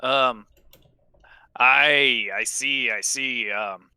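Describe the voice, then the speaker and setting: A man's voice: mid-range voice, extremely slow, sharp tone, clean tone, no echo. A young man playing a tabletop game, talking casually and hesitantly with many fillers. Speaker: player.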